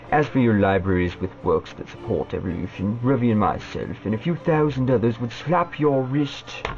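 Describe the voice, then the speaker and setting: A man's voice: medium pitch, a little mellow, lo-fi sound, voice pushed up, lightly acted. A man putting on a quasi-British accent to voice a prim male debate opponent in a lecturing, parodying tone. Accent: put-on quasi-British.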